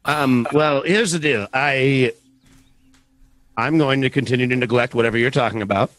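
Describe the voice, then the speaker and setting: A man's voice: medium pitch, normal speed, fairly bright tone, no echo. A man playing a tabletop game, arguing in a quizzical, argumentative way. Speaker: player. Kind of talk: casual game chat.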